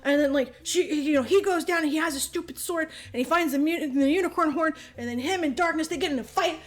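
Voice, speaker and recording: High-voiced, profane, giggling woman podcaster. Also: fast talker. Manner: profane, rambling, laughs often while telling. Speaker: podcast host. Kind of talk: casual comedic movie recap.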